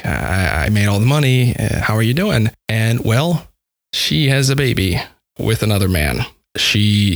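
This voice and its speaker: Male, conversational storyteller, low-leaning voice, dry close sound, halting delivery full of repeats. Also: no echo. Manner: halting, repeats words and restarts often. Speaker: composer describing his dissertation project.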